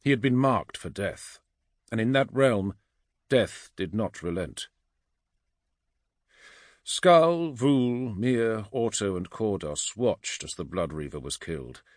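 A man reads dark fantasy aloud in a low, dramatic, measured voice. His pitch moves a lot across the lines, and the recording is dry and close. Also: expressive, dry recording. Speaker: narrator. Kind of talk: audiobook fantasy narration.

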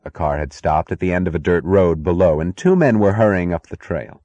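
A man narrates an audiobook in a deep, low-pitched voice. His reading is measured and expressive, and the recording is dry and close with no room sound. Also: no echo, lo-fi sound. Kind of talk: scripted narration.

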